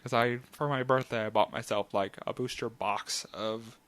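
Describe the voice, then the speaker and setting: A man with a bright, forward voice hosts a laid-back podcast. He rambles through his thoughts and laughs often. His pitch sits in the middle range for a man. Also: steady tone, moderate pace, no echo. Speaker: podcast host. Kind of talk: casual chat.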